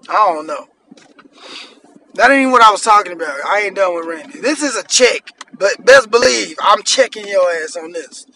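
A man's voice: sits high, bright, forceful tone, slight background noise, poor audio. A man in his thirties hosting a podcast, ranting bluntly and profanely in an annoyed tone. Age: 30s. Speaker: podcast host. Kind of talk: solo podcast rant.

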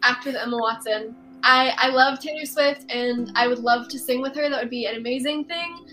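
A young woman with a high, bright-sounding voice talks eagerly about her acting dreams. She is bubbly and earnest, laughing easily between thoughts, and comes through a remote video call. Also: moderate pace, soft background music, low-quality recording. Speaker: actress and voiceover artist, interview guest. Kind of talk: casual interview answers.

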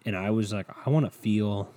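A man hosting a solo podcast, rambling in a profane, deadpan way and sounding tired. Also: on the low side, moderate pace. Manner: profane, meandering and deadpan, with frequent swearing. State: tired and yawning. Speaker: podcast host.

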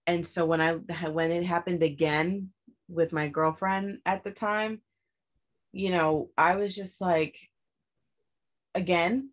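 Young woman, lower-pitched, casual and profane storyteller, animated when quoting herself. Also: measured pace. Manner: candid and profane, acts out her own quoted lines with sharp rises in pitch. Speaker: guest telling her story.

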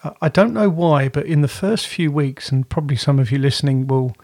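A man's voice: on the high side, a little fast, a little mellow, dry recording, studio quality. A man co-hosting a podcast from home, chatting in a rambling way and often correcting himself. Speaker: podcast co-host. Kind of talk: casual chat.

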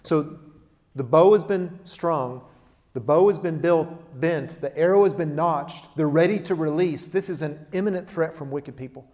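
A man preaching a sermon, emphatic, swinging between loud declarations and quiet asides. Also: a little high, moderate pace. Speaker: pastor. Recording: long hall reverb.

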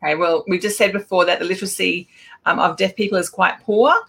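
A middle-aged woman, an Auslan educator giving a casual talk with lively anecdotes and acted-out exchanges. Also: lowish voice, fast talker. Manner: animated storyteller, acts out quoted exchanges.

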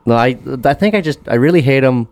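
Talking fast in an expressive, medium-pitched and slightly mellow voice with no echo, this podcast co-host sneers at online content. His casual chat is heavy on sarcasm, profanity and mocking impressions.

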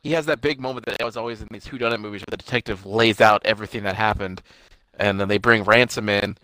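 A man with a bright, forceful voice co-hosts a casual movie review chat. He retells the plot in long run-on stretches, acting out quoted lines and swearing freely. The sound is dry and close. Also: fairly low pitch, steady tone, fast, dry recording. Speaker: podcast co-host.

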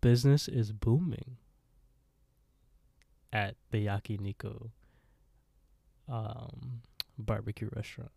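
Slow, dark-voiced man retelling a story. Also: fairly low pitch, gravelly, slightly rough, dry recording. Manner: relaxed storyteller acting out lines, laughs often. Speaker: podcast co-host. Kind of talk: casual chat retelling a horror story.

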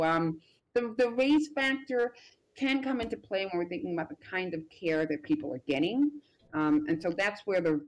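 An American woman with a somewhat low voice explains things patiently as a guest doctor on a podcast. She talks in a measured, hedging way, filling pauses with frequent ums. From United States. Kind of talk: explanatory interview answers.

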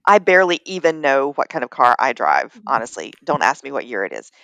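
A woman's voice: a bass voice, big pitch swings, brisk, creaky, a bit bright, no room sound. A woman co-hosting a podcast, bluntly and teasingly arguing about movies in casual chat. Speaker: podcast co-host.

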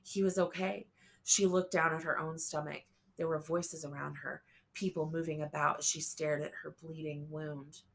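Low-voiced lady reading a novel slow and steady, audiobook narration. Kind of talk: scripted narration.

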